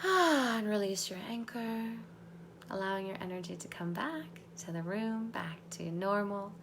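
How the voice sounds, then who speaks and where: A woman's voice: mid-range voice, expressive, normal speed, a bit bright, a little hiss or hum. A woman life coach talking viewers through a guided visualization and chatting with them live. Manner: bubbly, laughs often with viewers.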